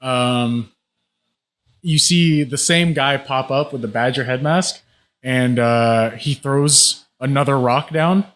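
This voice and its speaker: A man's voice: medium pitch, slow pace, fairly bright tone. A man narrating a tabletop game as game master, describing scenes and rules in a casual way with plenty of fillers.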